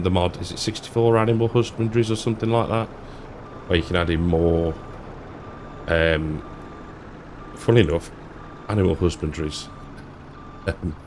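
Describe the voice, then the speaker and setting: Slow, low-voiced man. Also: background noise. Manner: rambling, many ums and restarts. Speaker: gaming YouTuber. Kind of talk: casual gameplay commentary.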